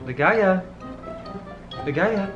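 Man, home vlog, coaxing sing-song voice for his bird, lively swoops up and down, music under it. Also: high voice, drawn-out words, lo-fi sound. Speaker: vlogger. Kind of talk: casual vlog talk to a pet parrot.

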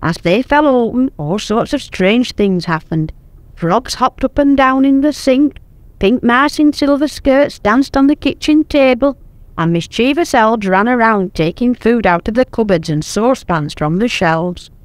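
An older woman reading a children's story aloud in a gentle, expressive way, recorded at home on tape. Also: fairly high pitch, a little slow, no echo.

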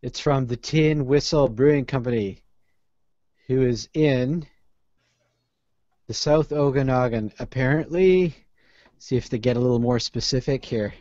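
Canadian guy on a beer podcast, real slow and laid back, dry muffled call sound. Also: mid-range voice, warm tone, dry recording. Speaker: podcast co-host. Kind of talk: casual chat over beers. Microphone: video call.

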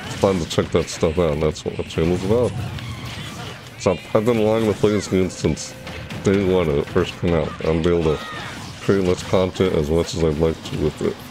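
A young man commentating his own gameplay, chatty and excitable, yelping and shrieking high when things go wrong. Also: moderate pace. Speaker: gaming YouTuber. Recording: game music playing behind.

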